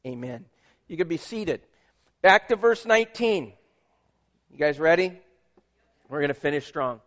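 A man's voice: fairly high pitch, expressive, measured pace, pauses often, fairly bright tone, highs cut off. A man preaching a sermon as pastor, emphatic and conversational, with asides to the congregation.

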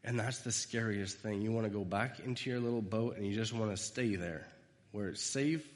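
A man's voice: lowish voice, moderate pace, long reverb tail. A man giving an informal sermon, rambling through personal stories and acting out quoted lines. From United States. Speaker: speaker giving a devotional talk.

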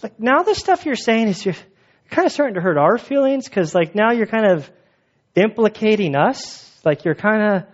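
Preacher playing a fretful, wounded lawyer who hedges and pleads; slightly high voice, muffled sound. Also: male voice, normal speed, lightly acted. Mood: pleading. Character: whiny, nervous adult male lawyer. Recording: dull lo-fi sound.

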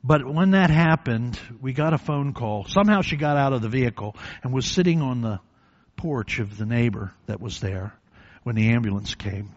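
An older man preaching a sermon in a church, telling a quiet personal story that swells into loud, drawn-out preaching. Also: mid-range voice, creaky, slightly rough. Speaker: pastor. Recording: dull lo-fi recording.

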